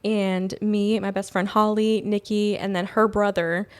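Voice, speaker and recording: A young woman in her twenties co-hosting a podcast, chatting casually and starting a story in a relaxed way. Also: medium pitch, smooth. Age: young adult. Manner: relaxed, laughs along, quick reactions. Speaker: podcast co-host. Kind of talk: casual chat.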